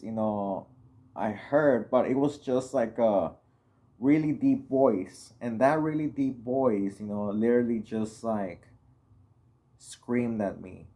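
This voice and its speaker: Young man from Mexico, vlogger, loose filler-heavy storytelling, mid-pitched voice. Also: dark tone. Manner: rambling, heavy on "you know" and "like" fillers. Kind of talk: casual storytelling.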